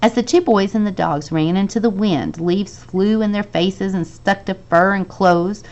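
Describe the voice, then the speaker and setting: A woman teacher reading a children's novel aloud to her class, expressive and lively, with the dialogue acted out. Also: medium pitch, unhurried, muffled recording.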